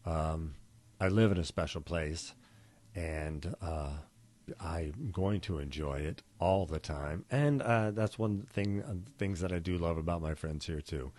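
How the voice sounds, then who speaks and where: Deep mellow-voiced man hosting a podcast. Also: measured pace. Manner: rambling, relaxed, many fillers and restarts. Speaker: podcast host. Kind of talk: casual solo podcast monologue.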